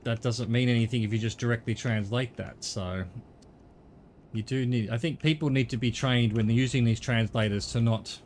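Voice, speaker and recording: A middle-aged man with an Australian accent chats in a loose, rambling way as he streams a game, with a casual swear here and there. His voice sits at an ordinary pitch, and faint noise runs behind it. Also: normal speed, darkish tone. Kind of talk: casual gaming stream chat.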